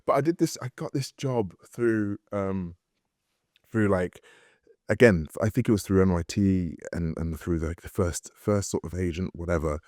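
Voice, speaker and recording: A man, a podcast guest telling animated stories with many fillers and restarts, and laughing often. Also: deep voice, normal speed, dry recording, studio quality. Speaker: guest, actor and studio founder. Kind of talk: casual podcast storytelling.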